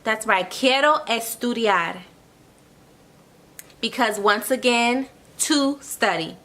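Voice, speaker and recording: A woman with a bright, forceful voice pitched a little high teaches an online language lesson. She walks through each point patiently, repeating phrases and checking in with a quick "okay?". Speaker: Spanish tutor.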